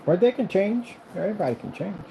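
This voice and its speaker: Brief: chatty DIY vlogger man, dark mellow tone, swooping lively delivery. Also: high voice, fast talker, gravelly, a little hiss or hum, low-quality recording. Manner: rambling, repetitive, enthusiastic. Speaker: PC builder and vlogger. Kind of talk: casual chat while building.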